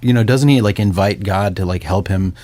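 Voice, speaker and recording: A man, a songwriter and author, talking casually and thoughtfully, with pauses and easy laughter. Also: low voice, mellow. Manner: reflective, hesitant, laughs easily. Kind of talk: casual conversation.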